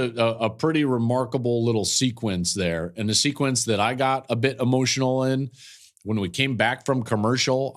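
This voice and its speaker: A man in his forties hosting a sports podcast, telling a game story with animated, emphatic energy and frequent restarts. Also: mid-range voice. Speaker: podcast host and football analyst. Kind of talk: casual sports podcast talk.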